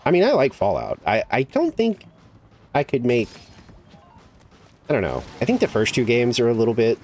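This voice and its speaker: A man's voice: medium pitch, huge pitch swings, moderate pace, a little mellow, a little hiss or hum. A man streaming a game, chatting casually and rambling with lots of "like" and casual swearing. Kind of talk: casual chat while gaming.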